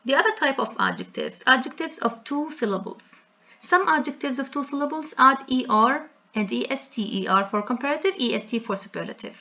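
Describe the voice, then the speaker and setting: A woman teaching an English grammar lesson in a slow, explanatory way, spelling out word endings letter by letter. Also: high voice, animated, bright, forceful tone, dull audio.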